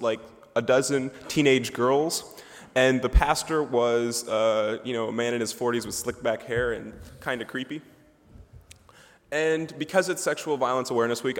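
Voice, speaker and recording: Young man telling a funny story in a chapel. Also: mid-range voice. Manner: chatty, self-deprecating, with fillers and asides. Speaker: ministry student giving a chapel talk. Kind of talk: humorous storytelling chapel talk. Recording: reverberant chapel hall.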